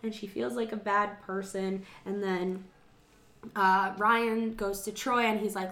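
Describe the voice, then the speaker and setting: A woman's voice: mid-range voice, slow pace, echoey room. A woman recapping a movie in casual chat, laughing often and acting out the characters' lines. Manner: laughing, animated, acts out lines and sings snatches.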